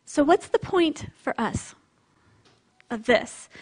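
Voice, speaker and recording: A woman's voice: sits high, lively intonation, takes it slowly. A woman preacher giving a sermon in a conversational, reflective way, with light laughs.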